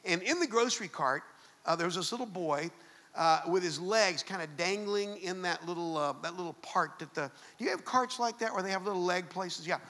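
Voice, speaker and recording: A man's voice: sits high, a little fast, pushed and bright, in a large hall. A man preaching a sermon, telling a story with frequent restarts and repeated words. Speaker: pastor.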